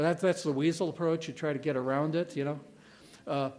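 A middle-aged man preaching a sermon as a pastor, earnest and emphatic, pausing and repeating key words. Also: on the high side.

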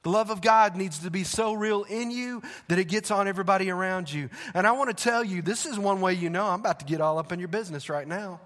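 A man's voice: sits high, fast talker, hardly any pauses. Preaching man with a drawl. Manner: animated, conversational preaching with playful asides. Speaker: pastor. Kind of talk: sermon. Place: church sanctuary. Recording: long hall reverb.

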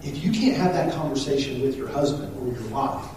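A man in his thirties, a pastor giving a conversational, animated sermon with asides and jokes. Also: mid-range voice, fairly quick. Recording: echoey hall, speaker far from the mic, faint noise.

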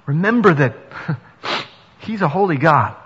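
A man's voice: on the high side, expressive, slow pace, a bit bright, slightly rough. Preaching man in a reverberant hall. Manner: earnest, rising to emphatic preaching. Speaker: pastor. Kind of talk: sermon. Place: church sanctuary. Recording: dull sound with long reverb in a hall.

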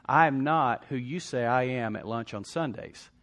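A pastor with a medium-pitched, fairly bright voice preaches a sermon at a normal speed. He emphatically repeats declarations and calls for responses from the congregation.

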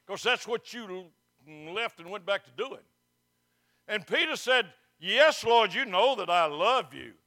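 A man preaching to a church congregation, folksy, swinging from loud, slow declaiming to quick, quiet storytelling. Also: sits high, animated, dry recording, studio quality. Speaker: pastor. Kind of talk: sermon with storytelling.

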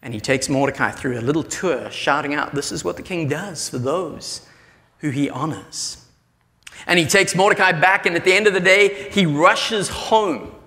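A man preaching a sermon, retelling a story with animated voices for the characters. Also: fairly high pitch, moderate pace, in a large hall.

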